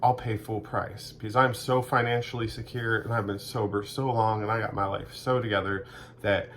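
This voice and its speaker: A man in a rambling, deadpan comedic monologue, sarcastic and profane, acting out both sides of made-up conversations. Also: on the low side, normal speed, slight background noise. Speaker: vlogger.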